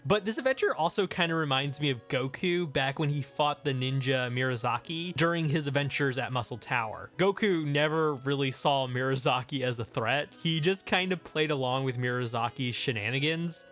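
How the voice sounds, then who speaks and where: A man's voice: mid-range voice, expressive, moderate pace, few pauses, a bit bright, faint music behind. A man hosting a comic book review video, talking in a sarcastic, blunt, profane way. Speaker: video host.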